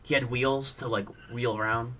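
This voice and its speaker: Casting: young male podcast co-host, bright voice, excitable, foul-mouthed, animated retellings. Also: medium pitch, normal speed, slight background noise. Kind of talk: casual movie chat.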